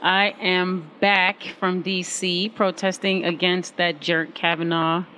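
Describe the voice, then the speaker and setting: A woman's voice: fairly low pitch, little pitch movement, slow, sharp tone, slight background noise, poor audio. A woman hosting a podcast in a studio, upbeat and outspoken in casual chat. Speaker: podcast host.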